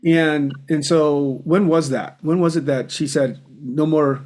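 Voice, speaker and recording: A man's voice: on the high side, fairly even intonation, unhurried, a little mellow. A man hosting a live coaching call as a marriage coach, talking directly and emphatically and calling the caller brother.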